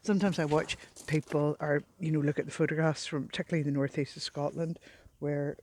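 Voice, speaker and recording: A woman narrating as she beachcombs outdoors, soft-spoken and given to delighted exclamations, sometimes dropping to a near whisper. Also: deep voice, flat delivery, fairly quick, a little hiss or hum. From Northern Ireland. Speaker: beachcombing vlogger. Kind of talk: casual narration while walking.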